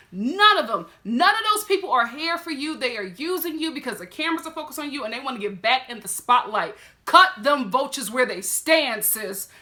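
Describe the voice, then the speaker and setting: Southern woman vlogging, sassy and emphatic, bright voice that swings all over. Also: sits high. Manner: sassy, emphatic, talks straight to the camera and the show's people. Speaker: vlogger reviewing a reality show. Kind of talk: animated casual commentary.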